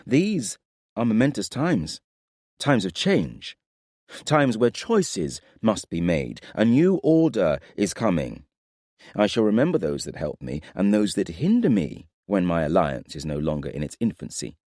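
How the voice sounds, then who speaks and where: A man voicing a proud young prince who speaks in a cold, commanding, measured way. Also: fairly low pitch, big pitch swings, warm tone, no echo, studio quality, pitched above the performer's own voice. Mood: coldly menacing. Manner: imperious, coldly measured.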